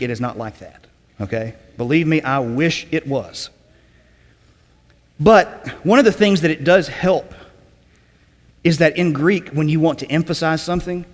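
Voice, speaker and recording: Man preaching in a reverberant hall. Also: fairly high pitch. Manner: conversational teaching, frequent "okay?" check-ins; clears throat often. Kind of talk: sermon. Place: church sanctuary.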